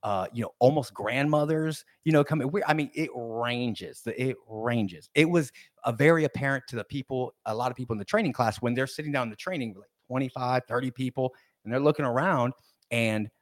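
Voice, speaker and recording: Young guy telling a long story on a podcast, animated, restarts a lot, dry mic, middle pitch. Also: a little fast, no echo. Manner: animated, rambling with restarts and acted-out quotes. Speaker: podcast guest. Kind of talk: casual storytelling.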